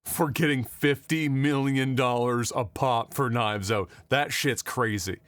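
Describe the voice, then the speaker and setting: A man co-hosting a casual podcast, talking in an animated, profane, rambling way with lots of fillers. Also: mid-range voice, measured pace, no echo. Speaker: podcast co-host.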